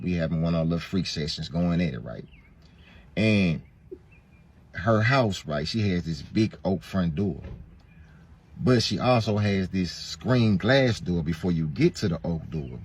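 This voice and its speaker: A man's voice: low voice, husky. A man casually telling a personal story, bluntly, checking in with "right?" as he goes. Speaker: storyteller in a played clip.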